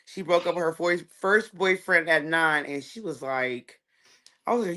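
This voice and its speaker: A woman, guest on a livestream over a video call, telling family stories in a casual, lively way and acting out the voices of her daughters. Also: fairly low pitch, moderate pace. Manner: animated storyteller, acts out dialogue with big swings in loudness. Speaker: guest, mother of the four girls.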